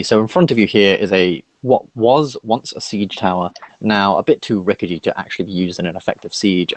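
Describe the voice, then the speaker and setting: A man narrating a tabletop game as dungeon master, halting with many fillers. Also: on the low side, dry recording, low-quality recording.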